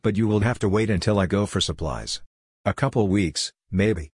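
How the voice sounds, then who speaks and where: A cagey airship owner who talks in a slow, measured way with a deep, husky voice, as a narrator puts him on. He is heard in a dry, close recording. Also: a little mellow, no room sound. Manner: measured, thoughtful.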